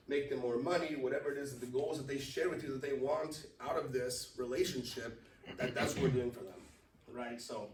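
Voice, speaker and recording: A man's voice: mid-range voice, distant mic, a little hiss or hum. Man presenting in an echoey room. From Los Angeles. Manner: conversational, keeps checking in with "right?". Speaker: company CEO presenting to a business network. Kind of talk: live business presentation. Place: meeting room. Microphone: far from the mic.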